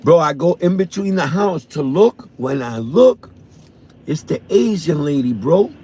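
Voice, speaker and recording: A man with a New York accent, a vlogger telling a profane, animated story from his car on a morning drive. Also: on the high side, unhurried, husky. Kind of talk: casual storytelling.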